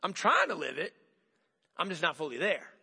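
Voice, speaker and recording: A man preaching a sermon, his voice bright and somewhat high. He drives his points home with animated repetition and rhetorical questions. The sound carries a long reverb, as in a church sanctuary. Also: moderate pace, gravelly, breathy edge. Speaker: pastor.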